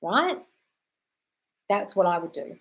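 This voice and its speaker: A woman's voice: mid-range voice, very animated, slow, a bit bright. An Australian woman hosting a live question-and-answer stream in a chatty, casual way, calling viewers "darling" and swearing freely. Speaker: host of a live manifesting Q&A.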